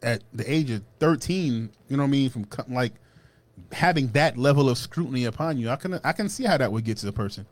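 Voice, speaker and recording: A man co-hosting a casual podcast who talks fast in a slangy, profane style. His pitch sits in the middle range. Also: expressive. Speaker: podcast co-host. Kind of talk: casual chat.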